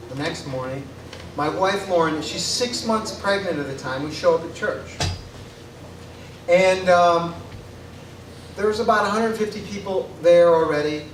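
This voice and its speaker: High-voiced man telling a comic story. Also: a little hiss or hum. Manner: self-deprecating and excitable. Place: stage before a laughing audience. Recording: echoey live room from a distance.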